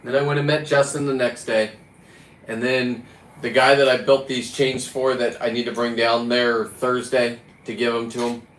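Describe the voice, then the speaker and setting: A free diver and vlogger chats casually to camera about diving, rambling, blunt and swearing now and then. His medium-pitched voice is a bit bright, with little pitch movement and a moderate pace, and the recording has a roomy echo with faint background noise.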